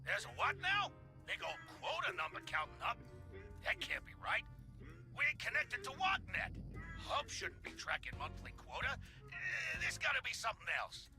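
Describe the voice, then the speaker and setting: A man's voice: very high voice, wildly swooping pitch, normal speed, vocal fry, bright, forceful tone, exaggerated voice. An actor voicing a brash game character, a male mine foreman talking over the radio in a folksy drawl full of colorful slang. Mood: puzzled. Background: game music.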